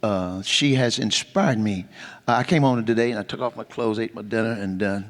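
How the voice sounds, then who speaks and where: Earnest low-voiced man giving a halting tribute. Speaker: church member giving a tribute. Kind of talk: informal tribute speech. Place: church hall. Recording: long hall reverb.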